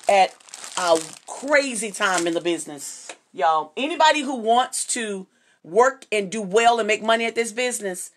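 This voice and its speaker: A woman's voice: medium pitch, a little hiss or hum. A middle-aged woman, hosting a casual live jewelry sale and greeting viewers by name in a bubbly, chatty way. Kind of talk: casual live-stream selling.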